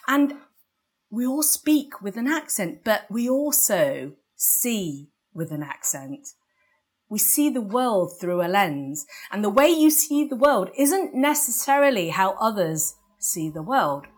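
An English woman delivers a sermon at an unhurried pace. Her tone is conversational, and she keeps asking the congregation for an amen. She often laughs lightly at her own asides. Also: mid-range voice, sing-song. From England. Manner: conversational, asks the congregation for amens, laughs at herself. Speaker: preacher.

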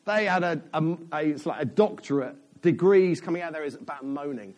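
A man's voice: a little high, expressive, fairly quick, a little mellow. A man, a church elder, giving a chatty, self-deprecating sermon in a church.

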